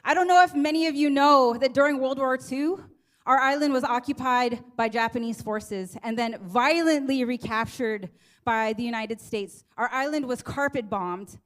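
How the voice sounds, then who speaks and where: A woman from Guam speaking at a teach-in, an earnest and impassioned activist giving a rally speech. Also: sits high. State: emotional, near tears. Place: teach-in event hall.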